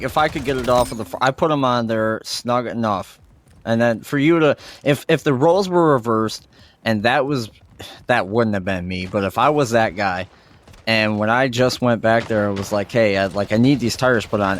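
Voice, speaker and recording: Male podcast co-host, mid-pitched, profane storyteller who acts out dialogue, faint noise underneath. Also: normal speed. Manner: profane storyteller acting out quotes. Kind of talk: casual podcast chat.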